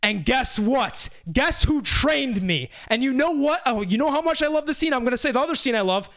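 A man co-hosting a book review podcast, excitable and prone to loud shouting bursts. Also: extremely high pitch, brisk. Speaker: podcast co-host. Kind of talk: casual book review chat. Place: podcast studio.

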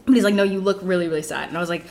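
A woman's voice: lowish voice, fairly even intonation, rapid-fire, a little mellow. A young woman telling a rambling story on a podcast as a guest, packing her talk with "like". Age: young adult. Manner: rambling, fills with "like" constantly. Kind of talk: casual storytelling.

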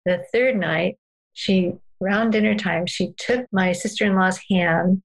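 Woman guest, low gravelly voice, flat, earnest storyteller. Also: a little slow, rough recording. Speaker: parenting guest expert. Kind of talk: storytelling in a podcast conversation.

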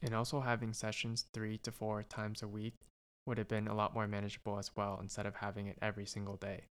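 Casting: young male med student, even, smooth delivery, earnest and reflective, casual chat. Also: on the low side, fast talker. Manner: earnest, reflective, thinks out loud with restarts. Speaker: medical student. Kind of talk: casual conversation.

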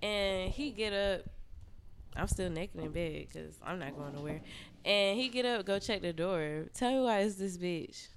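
A young adult woman appears as a podcast guest, telling an explicit story in casual chat. She's animated and profane and says "like" constantly, speaking at a measured pace with a medium pitch, and there's a little hiss or hum.

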